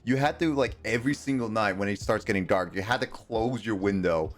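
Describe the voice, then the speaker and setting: Halting young man with a lowish voice. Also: faint music behind. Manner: halting, full of ums and restarts. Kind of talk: casual chat.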